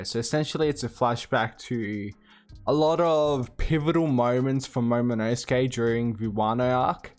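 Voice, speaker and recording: A man talks through a manga chapter in an easygoing monologue, his voice sitting at an ordinary middle pitch. He recaps scene by scene with plenty of fillers and quick quotes. Soft music runs faintly underneath. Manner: loose recap with fillers, quoting characters in passing. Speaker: manga reviewer. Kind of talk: casual chapter review monologue.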